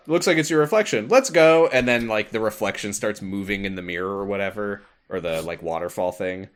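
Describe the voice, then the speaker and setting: This man, co-hosting a podcast, has a fairly low yet slightly bright voice. His casual talk wanders, packed with filler words and laughter.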